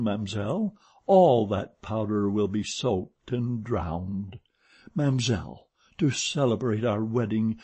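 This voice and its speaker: A man voicing a calm, mocking masked madman who speaks slowly and deliberately. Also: medium pitch, slightly rough, full character voice. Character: cold, mocking male masked madman, composed.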